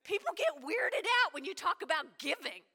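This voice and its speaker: A woman preaching a sermon, animated and conversational, asking the congregation questions. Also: very high-pitched, moderate pace. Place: church sanctuary. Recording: long reverb of a large hall.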